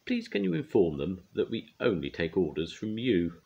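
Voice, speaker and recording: Old guy doing a polite proud little engine, calm, husky, lively up and down. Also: deep voice, moderate pace, lo-fi sound, pitched above the performer's own voice, heavily acted.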